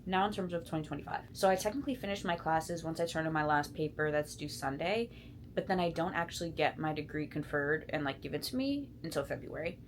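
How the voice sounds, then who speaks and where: A young woman in her twenties talks through her makeup routine in a loose, rambling way, poking fun at herself as she goes. Her voice sits low for a woman. A faint hiss of room noise runs underneath. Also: fast talker. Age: 20s. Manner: rambling, self-deprecating, animated. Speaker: beauty content creator. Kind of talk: casual get-ready-with-me chat. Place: home, doing makeup.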